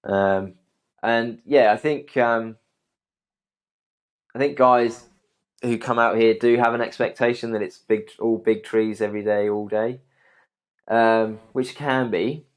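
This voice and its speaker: A young man, a guest arborist, answering interview questions in a relaxed way with many ums and restarts. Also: medium pitch, slow pace, long pauses.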